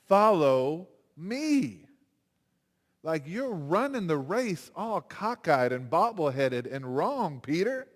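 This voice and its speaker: A man giving a chapel sermon in an animated, conversational way, acting out quotes as he goes. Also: on the high side, a little slow, few pauses. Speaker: chapel speaker. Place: university chapel. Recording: long hall reverb.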